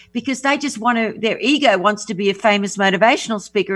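A woman talks as a guest on a call-in radio show, her voice sitting a little high. She speaks with eager enthusiasm and rambles, often restarting her sentences mid-thought. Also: fairly bright tone. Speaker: guest, affirmation music artist. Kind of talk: casual radio interview.

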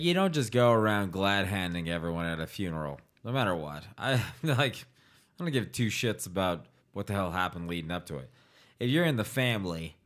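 A man's voice: sits low, fairly bright tone. A man talking casually and profanely, acting out quotes as he tells a story. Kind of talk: casual podcast chat.

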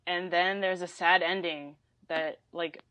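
A young woman in her twenties talks as a podcast guest, chatty and loose, laughing easily between thoughts. Her voice sits a little low for a woman. The sound is close and dry, with no room around it. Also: steady tone, measured pace, bright, forceful tone, no room sound. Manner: chatty, laughs often, many "like" fillers. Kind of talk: casual conversation.

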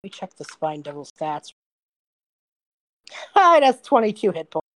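A woman with a fairly low voice runs a tabletop role-playing session, narrating the action in a relaxed, chatty way. She is a little hoarse, as if her voice is wearing out. The sound is dry and close. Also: unhurried, no echo. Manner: relaxed narration with frequent fillers and laughs. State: losing her voice. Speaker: game master.

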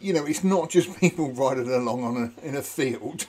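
A man's voice: medium pitch, animated, moderate pace, darkish tone, slightly rough. A man from England chatting casually, wry and playful, with casual swearing. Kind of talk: casual chat.

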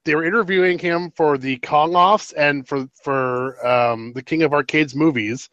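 Higher-voiced man sharing gossip. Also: moderate pace, fairly bright tone, no echo, lo-fi sound. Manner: gossipy, teasing. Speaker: podcast co-host. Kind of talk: casual chat.

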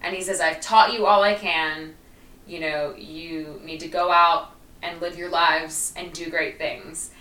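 Woman, podcast co-host, former teacher, chatty, bright voice, roomy echo. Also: on the low side, steady tone, a little slow, far from the mic. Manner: chatty, many fillers and laughs. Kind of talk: casual podcast chat.

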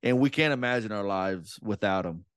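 A man's voice: lowish voice, moderate pace, a bit bright, smooth, no room sound. A man in his thirties, a podcast guest, chatting casually and telling a self-deprecating story. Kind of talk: casual conversation.

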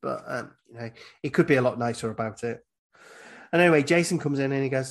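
A man's voice: mid-range voice, fast. A man, hosting a casual podcast and retelling film scenes. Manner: retells scenes, acting out the characters' lines. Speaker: podcast host. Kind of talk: casual film recap chat.

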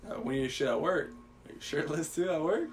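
A man's voice: a little high, lively intonation, fairly quick, faint music behind. A young man in casual chat, teasing his friend and laughing along.

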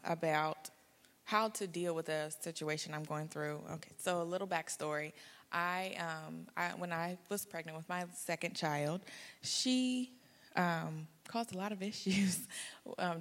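A young woman giving an earnest personal testimony on a church stage, breaking into small nervous laughs. Her voice sits low with a gravelly fry, and a long hall reverb trails behind it. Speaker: church member sharing a testimony.

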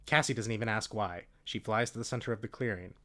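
A man's voice: lowish voice, fast, bright, forceful tone. A man casually reading a storybook aloud with a friend, breaking into jokes and laughter. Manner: laughing, joking asides. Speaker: reader.

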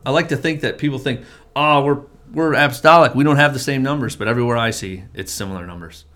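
A middle-aged man with a slightly low voice tells his story in a relaxed, conversational way. He speaks earnestly, as a family pastor who leads men's groups. He often doubles back, restarting sentences and repeating words. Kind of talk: casual testimony in conversation.

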